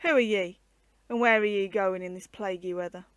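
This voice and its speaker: A woman voicing a gruff, hoarse male soldier corporal who bullies and sneers, reading a storybook. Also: mid-range voice, steady tone, moderate pace, no room sound, close to an everyday voice. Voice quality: hoarse rasp. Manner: sarcastic, threatening, loud.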